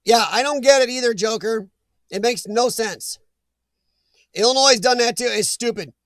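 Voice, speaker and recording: A man's voice: extremely high pitch, moderate pace, fairly bright tone, no room sound. A man hosting a casual livestream chat, reading viewer comments and giving blunt opinions with easy laughs. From Midwestern US. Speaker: livestream host.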